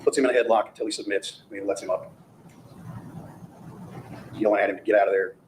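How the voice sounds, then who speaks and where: This prosecutor's closing argument comes fast, in a lowish voice with fairly even intonation, full of emphatic rhetoric and repeated phrases. It's captured as echoey courtroom audio with faint noise.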